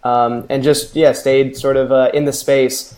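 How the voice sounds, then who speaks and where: A male founder is a guest on a podcast and gives an easy, upbeat account of his career. His voice sits at a middle pitch and he speaks fluently. He sounds ready to explain his work. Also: flat delivery, measured pace, darkish tone. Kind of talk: podcast interview.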